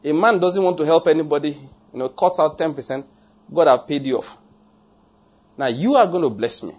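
A pastor delivers a sermon with a fairly high, husky voice. He is emphatic and jokey, chuckling at his own remarks and repeating key phrases. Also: lively intonation, moderate pace, a little mellow.

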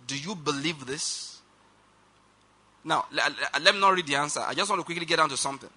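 A man preaching a sermon in a high, sharply bright voice. He slows right down and leans on each word of scripture, then rushes through his asides and calls on the congregation to repeat after him. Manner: emphatic, slows down for quoted scripture.

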